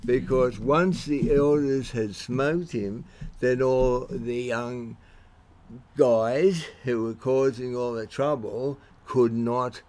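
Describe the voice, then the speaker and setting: An older Australian man with a medium-pitched, darkish voice speaks slowly and steadily. He rambles through blunt, colloquial reminiscences about his past security and police work, frequently restarting sentences.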